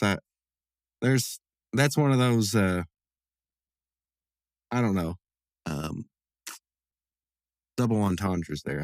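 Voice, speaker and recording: A man's voice: deep voice, no room sound, studio quality. A man casually recapping an episode as a podcast host, rambling with lots of fillers and asides.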